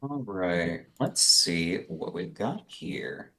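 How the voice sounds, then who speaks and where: A man's voice: deep voice, very animated, drawn-out words, a bit bright. A man playing in a tabletop role-playing game, talking bluntly and swearing freely. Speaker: player. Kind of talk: casual tabletop play.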